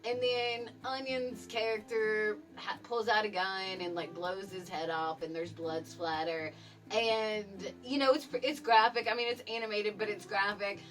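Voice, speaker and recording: A woman's voice: medium pitch, fairly even intonation, a little slow, fairly bright tone, distant mic, soft background music. A woman giving a casual commentary rant, exasperated and swearing, with a lot of "like" and "you know". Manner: exasperated, filler-heavy with frequent "like" and swearing. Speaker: commentary YouTuber.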